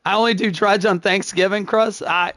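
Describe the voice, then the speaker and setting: An older man streams a video game live, narrating his plays and answering chat in a gruff, curmudgeonly-sounding voice, though he says he isn't angry. His voice is high-pitched, a bit bright, with fairly even intonation, and he often halts and restarts phrases with a chuckle.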